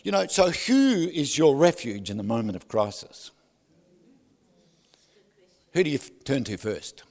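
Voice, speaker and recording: A man preaching a sermon, loud and animated, who keeps asking the crowd for agreement and drops joking asides with laughs. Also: mid-range voice, a little slow, vocal fry. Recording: long hall reverb.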